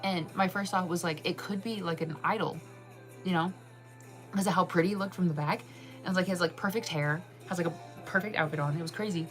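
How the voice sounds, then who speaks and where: Woman, channel host, casual storytelling, animated, frequent laughter, lots of "like", slightly low voice. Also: fast, faint music behind, low-quality recording. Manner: animated, laughs often, heavy use of "like".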